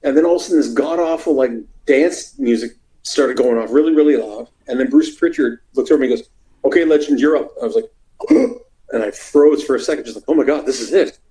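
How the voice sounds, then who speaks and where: A middle-aged man from Canada telling stories from his wrestling career in a casual, animated way, acting out what people said. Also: brisk, poor audio. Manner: animated, acts out quotes in loud high voices. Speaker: interview guest, former wrestler. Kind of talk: casual storytelling.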